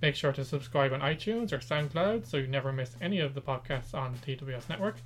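A man with an Irish accent co-hosting a chatty podcast, reading show plugs in an even, announcer-like way. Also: mid-range voice, fast talker, faint music behind. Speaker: podcast co-host. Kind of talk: casual chat with show plugs.

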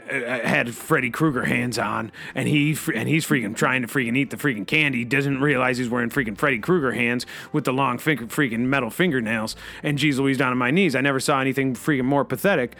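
A man hosting a comedy radio show, delivering a rambling in-character monologue full of a repeated catchphrase, swinging between loud outbursts and low asides. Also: brisk, vocal fry, few pauses. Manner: peppers every sentence with a repeated catchphrase.

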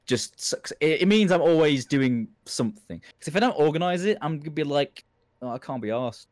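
A man's voice: fairly high pitch, a little fast, a little mellow, no room sound, studio quality. A British man, a guest streamer, chatting casually and self-deprecatingly in an interview, laughing easily.

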